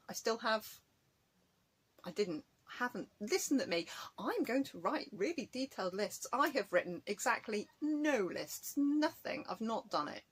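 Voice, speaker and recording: A woman, chatting casually in a rambling, self-mocking way for her craft vlog at home. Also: medium pitch. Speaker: craft vlogger. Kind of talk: casual chat.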